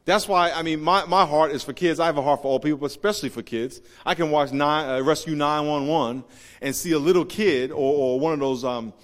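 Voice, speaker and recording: A man preaches a sermon in a large hall, and long reverb trails after his words. He moves between hushed, confiding stories and loud, emphatic points, now and then acting out what people said. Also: fairly high pitch, brisk. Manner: storytelling with laughs and acted quotes. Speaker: pastor.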